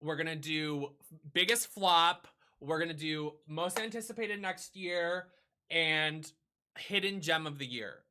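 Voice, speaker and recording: A man with a bright, ringing voice pitched a bit high rants loosely and with swearing through a casual chat with his partner. His delivery is animated and quick to flare up. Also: slight background noise. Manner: animated, profane ranting. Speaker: streamer host.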